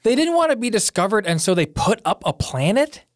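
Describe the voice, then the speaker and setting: A man's voice: high voice, big pitch swings, a little fast, no echo, studio quality. A man chatting casually as a podcast co-host, swearing freely and laughing often. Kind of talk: casual recap chat.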